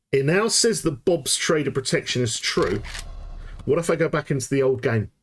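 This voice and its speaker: A man hosting a live gameplay tutorial, thinking aloud and getting excited as he works things out, often restarting sentences. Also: medium pitch, a little hiss or hum. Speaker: tutorial host.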